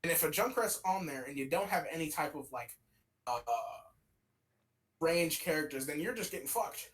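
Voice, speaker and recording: Animated young man ranting about games. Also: on the high side, normal speed, rough recording. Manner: rambling, animated, swears casually. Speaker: podcast co-host. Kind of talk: casual gaming chat.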